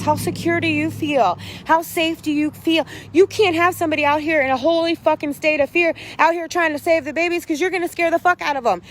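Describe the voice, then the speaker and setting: Blunt, profane high-voiced woman. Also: a little hiss or hum. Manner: blunt, profane, preachy and emphatic. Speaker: vlogger. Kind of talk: casual spiritual vlog talk.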